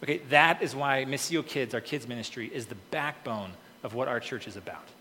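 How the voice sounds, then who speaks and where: A man's voice: mid-range voice, fairly quick, bright, forceful tone, big-room sound, slight background noise. A man preaching a sermon as pastor, reading scripture and explaining it in a conversational way with frequent "okay" asides.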